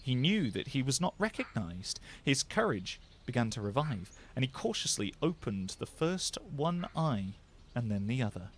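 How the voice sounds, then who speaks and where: A male voice actor reading a bedtime story aloud, expressive and animated. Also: medium pitch, moderate pace, a little hiss or hum. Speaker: voice actor, narrator.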